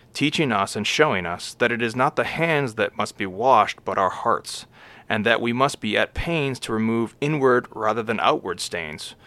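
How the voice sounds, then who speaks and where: A man reading an old homily aloud in a measured way, naming each scripture source after he quotes it and now and then stumbling and correcting himself. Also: fairly low pitch, a bit bright, dry recording. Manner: occasional stumbles and self-corrections. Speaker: reader of a homily.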